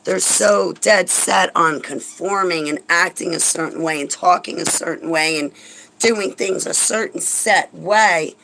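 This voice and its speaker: A woman's voice: fairly low pitch, unhurried, vocal fry, a bit bright, slight background noise, rough recording. A woman vlogger delivering a heated, sarcastic religious rant, indignant and swearing when angry.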